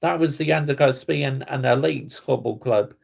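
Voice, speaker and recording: A man's voice: medium pitch, normal speed, vocal fry. A man ranting bluntly to viewers on a casual livestream, swearing as he talks football. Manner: heated and blunt, swearing, talking to chat viewers. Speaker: football fan streamer.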